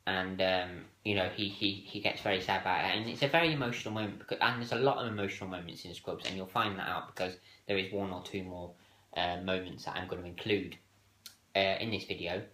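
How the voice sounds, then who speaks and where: A man's voice: sits low, fast, sharp tone, slight background noise. A man hosting a casual countdown video, talking hesitantly with many fillers and restarts. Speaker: video host ranking TV moments. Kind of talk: casual solo countdown talk. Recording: echoey room.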